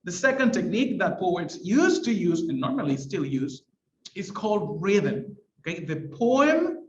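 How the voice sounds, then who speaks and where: High-voiced man teaching a lesson. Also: sing-song, roomy sound, dull audio, slight background noise. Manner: explanatory, reads verse lines slowly with exaggerated stresses. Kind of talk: recorded literature lesson.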